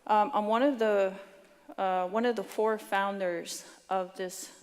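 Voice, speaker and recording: A middle-aged woman activist giving a brisk, earnest conference talk, now and then stumbling over her words. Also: mid-range voice, fairly even intonation. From Canada. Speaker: activist speaker. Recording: long hall reverb.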